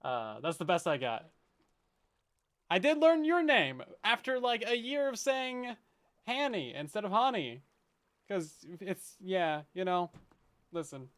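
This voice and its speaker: Chatty, jokey man with a higher voice. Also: sing-song, measured pace, a bit bright. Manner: joking, self-deprecating, laughs often; rambling, chatty asides. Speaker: Minecraft streamer. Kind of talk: casual let's-play chat with viewers.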